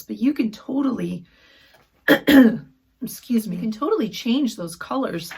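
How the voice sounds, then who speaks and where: A woman vlogger chatting through a sewing haul, gushing softly and often dropping to a whisper over fabrics and books. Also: on the high side, lively intonation, moderate pace, creaky, slightly rough. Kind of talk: casual haul chat.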